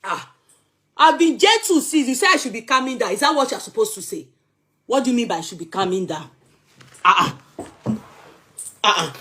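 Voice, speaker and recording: A woman with a Nigerian accent hosting a gossip stream, dramatic and animated, arguing back at viewers' comments. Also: on the high side, normal speed, pauses often. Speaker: gossip channel host. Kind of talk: live chat commentary.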